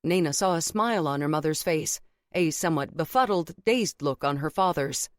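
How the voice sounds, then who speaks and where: Woman narrating with a low voice. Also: expressive, normal speed, no echo. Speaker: audiobook narrator. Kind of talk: scripted narration.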